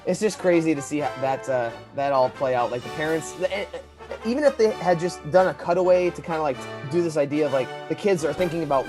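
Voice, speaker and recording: A man co-hosting a casual podcast, rambling and animated, often acting out quoted lines. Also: on the high side, quick pace, over music. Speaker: podcast co-host.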